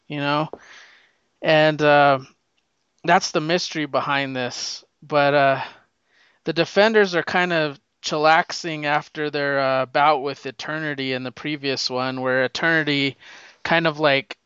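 A man recapping a comic issue in a casual, excited, rambling way, with lots of fillers. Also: on the high side, unhurried, clear, resonant tone, no room sound, lo-fi sound. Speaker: comic book reviewer.

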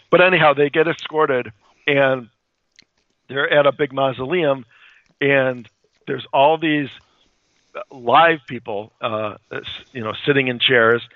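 A man's voice: medium pitch, a little slow, no echo. A man casually recapping a comic book, rambling, with many fillers and restarts, heard over a phone-like line. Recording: dry tinny phone-like line.

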